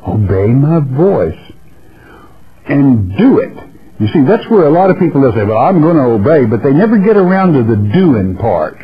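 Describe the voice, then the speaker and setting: A man preaching a verse-by-verse sermon, reading scripture slowly and then explaining it in folksy asides. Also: mid-range voice, very animated. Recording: dull lo-fi radio broadcast.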